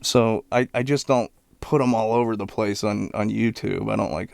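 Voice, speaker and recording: A man's voice: fairly low pitch, fairly quick, creaky, few pauses, a little mellow, no room sound. A man working as a mixing engineer, chatting casually to the camera into a close studio microphone, loose and conversational, often restarting his words. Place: recording studio. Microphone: close studio vocal mic.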